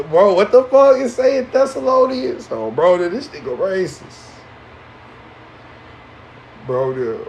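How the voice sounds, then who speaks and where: A man with a fairly high voice preaches in to a live audience. He talks in slang, swinging between loud outbursts and low mocking asides. A faint hum of ambience sits behind him. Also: sing-song, slow pace, gravelly, long pauses. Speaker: spiritual teacher.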